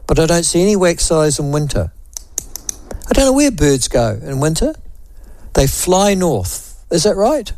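Man, New Zealand accent, talkback radio host, gravelly, fairly high voice, dry studio sound. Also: big pitch swings, unhurried, a little mellow, no room sound. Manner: chatty, wry, self-deprecating asides. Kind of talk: talkback radio chat reading listener texts.

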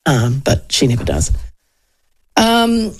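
A woman's voice: a bass voice, huge pitch swings, takes it slowly. A woman in her fifties with a New Zealand accent, hosting a talk show and chatting loosely about polls with rambling asides. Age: 50s. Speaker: radio talk show host. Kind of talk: casual political commentary.

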